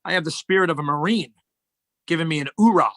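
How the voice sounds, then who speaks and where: Bright-voiced middle-aged man telling stories. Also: a little high, quick pace, no room sound. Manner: rambling, joking storyteller. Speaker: guest. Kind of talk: casual chat.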